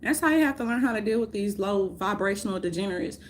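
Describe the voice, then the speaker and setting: A woman vlogging in a casual, rambling rant, swearing often, laughing, and swinging between loud outbursts and mutters. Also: medium pitch, animated, fast, a little hiss or hum. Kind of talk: casual chat.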